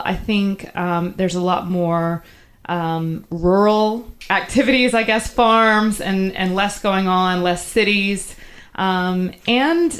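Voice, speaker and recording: A young woman with a faded Southern US accent, chatting as a guest journalist in a podcast interview, full of ums and restarts. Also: mid-range voice. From Southern United States.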